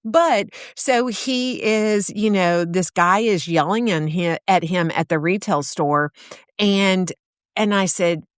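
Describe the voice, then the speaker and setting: Middle aged lady podcaster rambling through a story, slow and unhurried, mid pitch, dry close mic. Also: dry recording. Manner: warm storytelling with fillers and restarts. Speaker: podcast host. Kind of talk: solo podcast talk.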